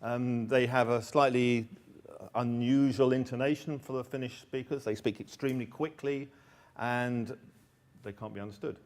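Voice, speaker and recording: A man's voice: medium pitch, fairly even intonation, moderate pace, a little mellow. Chatty man presenting with many restarts. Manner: hesitant, many restarts, repeated words. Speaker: teacher and author presenting a course book. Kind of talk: presentation talk.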